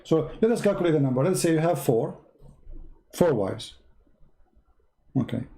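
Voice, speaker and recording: With a fairly high, gravelly, dark-toned voice, the male host speaks expressively at a moderate pace. An Arabic-accented native Arabic speaker, he delivers sarcastic religious commentary in broken English, marked by broken grammar and repetitive counting.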